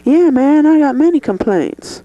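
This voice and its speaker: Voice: medium pitch, a little slow, highs cut off, noisy background, lightly acted. A performer playing a crude, irritable male film star who curses, in a mock interview skit. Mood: angry shouting. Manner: cursing and irritable.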